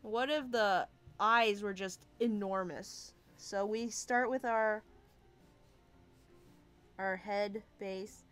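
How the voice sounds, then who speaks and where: A woman's voice: medium pitch, drawn-out words, fairly bright tone. A woman artist thinking aloud while she designs a character, musing and hesitant, with many fillers and restarts. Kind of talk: casual thinking-aloud commentary while drawing.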